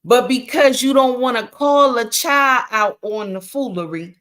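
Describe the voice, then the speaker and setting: A woman's voice: a little high, fairly even intonation, unhurried, hardly any pauses, fairly bright tone. A middle-aged woman hosting a livestream, giving preachy relationship advice with emphatic repetition, often calling listeners honey and mama. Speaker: livestream host.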